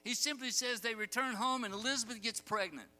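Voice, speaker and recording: Bright-voiced preacher in a reverberant hall. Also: male voice, very high-pitched, brisk. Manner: animated storytelling, acts out quoted lines, chuckles. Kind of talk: sermon. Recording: long hall reverb, faint music.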